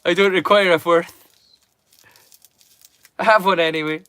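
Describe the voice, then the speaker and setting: Chatty male stream host from Europe, bright voice, rambling and casual, dry close sound. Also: sits high, fairly even intonation, a little slow, clean tone, dry recording. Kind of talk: casual live-stream chat.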